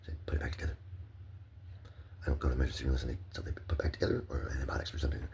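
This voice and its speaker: Man, extremely deep voice, gravelly fry, rambling monologue, profane and repetitive, hushed murmurs to loud outbursts. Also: fairly even intonation, rapid-fire, whispered.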